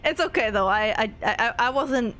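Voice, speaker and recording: A woman's voice: a little high, moderate pace, pushed and bright, soft background music. A young adult woman streamer chatting casually with her chat, giggly and rambling with frequent restarts.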